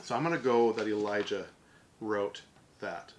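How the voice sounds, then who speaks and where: A middle-aged man hosting a podcast, thinking aloud calmly about parenting with frequent ums and restarts. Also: lowish voice, normal speed, slight background noise. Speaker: podcast host. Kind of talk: spontaneous personal reflection.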